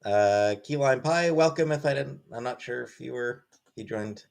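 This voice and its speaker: A man's voice: mid-range voice, moderate pace, creaky. A man hosting a casual livestream from home, rambling as he reads chat comments and thanks viewers by name. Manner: rambling, thanks chatters by name, baby-talks to his pet. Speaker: livestream host.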